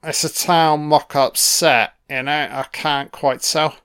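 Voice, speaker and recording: Guy swearing thru a movie commentary, slow and laid back, sarcastic. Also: fairly high pitch, steady tone, a bit bright, clean tone. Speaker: film commentator. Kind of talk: casual film commentary.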